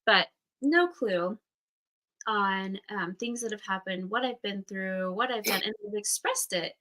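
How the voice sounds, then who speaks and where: A woman's voice: mid-range voice, a little slow, sharp tone, poor audio. A woman in her thirties hosting a casual astrology class, talking candidly and chattily with frank swearing. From Utah, United States. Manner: candid, chatty, swears, acts out quoted voices. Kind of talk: casual livestream astrology talk.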